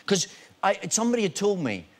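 A man in his forties, an actor guest on a talk show, telling animated anecdotes with self-deprecating humor. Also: sits high, a little fast.

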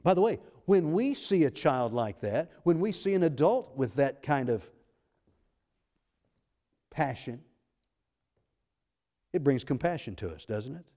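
A man preaching a sermon as pastor, reading scripture slowly and preaching emphatically. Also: fairly high pitch, expressive, dark tone. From United States.

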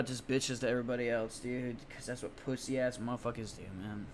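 A man's voice: mid-range voice, level tone, a little fast, few pauses, a little hiss or hum. A man streaming a live game, trash-talking and ranting in a profane, exasperated way. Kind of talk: live gaming commentary.

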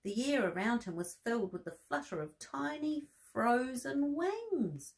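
A woman reading a bedtime story aloud to children, expressive, with soft gasps and friendly asides. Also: high-pitched, measured pace, hardly any pauses, a little hiss or hum.

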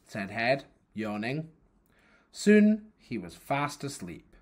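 A storyteller reading a folktale aloud for primary pupils, in a careful, expressive way. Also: medium pitch, takes it slowly.

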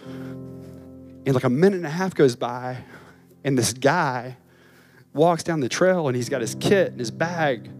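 A man's voice: mid-range voice, moderate pace, darkish tone. Man, pastor, chapel sermon, emotional storytelling, faint music behind. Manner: emotional storytelling, voice rising and breaking. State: crying. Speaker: campus pastor.

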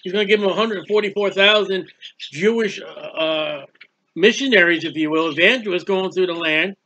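Guy doing a bible study, high bright voice, really emphatic, acts out the quotes. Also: normal speed, lo-fi sound, slight background noise. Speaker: Bible teacher. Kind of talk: conversational Bible teaching.

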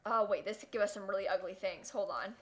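A young woman streaming a life-sim game, chatting casually with viewers, giggling often and quick to dramatic outbursts. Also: medium pitch. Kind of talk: live gameplay commentary.

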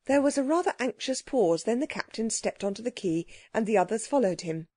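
A woman narrating a children's audiobook in a clear, gently expressive storytelling manner. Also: on the high side, brisk, dry recording, clean studio sound.

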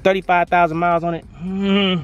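A man's voice: high voice, level tone, brisk, clear, resonant tone, highs cut off. A man vlogging casually on an outdoor used car lot, reacting to prices with slangy exclamations, filmed on a handheld phone. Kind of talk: casual walk-around vlog.

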